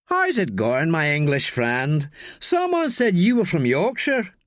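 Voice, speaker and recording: A sneering, drunk young student with a high, jeering drawl and a different, harsher timbre, put on by a male narrator. He slurs and stretches his taunts. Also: huge pitch swings, unhurried, fairly bright tone, dry recording, studio quality, exaggerated voice.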